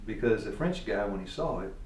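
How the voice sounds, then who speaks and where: A man's voice: on the low side, expressive, a little fast, a little mellow, a little hiss or hum. A man with a Tennessee accent teaching a church class, quizzing his students in a folksy way and chuckling often. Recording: echoey room, distant mic.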